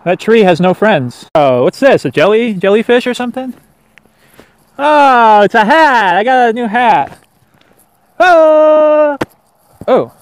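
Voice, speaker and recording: A man's voice: high-pitched, lively intonation, moderate pace, dry recording. A man vlogging as he walks along a road outdoors, talking in a playful, rambling way full of jokey asides into a handheld camera. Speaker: vlogger walking across the country. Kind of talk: goofy walking vlog. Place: roadside outdoors.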